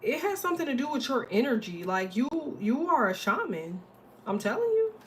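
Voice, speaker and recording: A woman's voice: high voice, sing-song, normal speed, a bit bright, a little hiss or hum. A woman giving a casual astrology and tarot reading, talking bluntly and profanely, rambling with lots of fillers.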